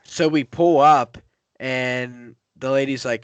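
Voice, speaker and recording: A man's voice: mid-range voice, measured pace, clear, resonant tone, dry recording. Casual, profane young man telling a story. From Pittsburgh area. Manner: profane, rambling, animated storyteller. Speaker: podcast host.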